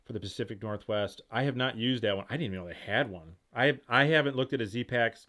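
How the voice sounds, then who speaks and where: A man hosting a casual live-stream Q&A from home, talking fast and jumping between thoughts as he reads viewer comments aloud and reacts to them. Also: mid-range voice, a bit bright. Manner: rapid, rambling, jumps between thoughts. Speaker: host of outdoor gear channel.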